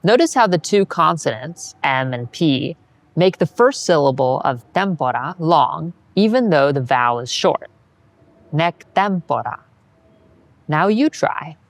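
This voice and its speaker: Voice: mid-range voice, big pitch swings, measured pace, dry recording. A patient Latin teacher giving scripted instructional narration, modeling each phrase and then encouraging the listener to repeat it.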